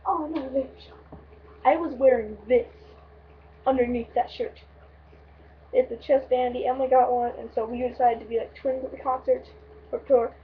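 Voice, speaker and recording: A young woman vlogger telling a long road-trip story in a rambling, excitable way, swearing freely. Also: high voice, moderate pace, long pauses, recorded from a distance, phone-quality sound, a little hiss or hum. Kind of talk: casual storytelling vlog.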